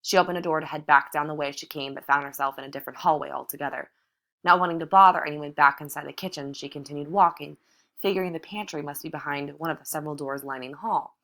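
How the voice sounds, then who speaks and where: Woman, audiobook narration, low voice, measured reading. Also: a bit bright. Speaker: audiobook reader. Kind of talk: novel narration read aloud.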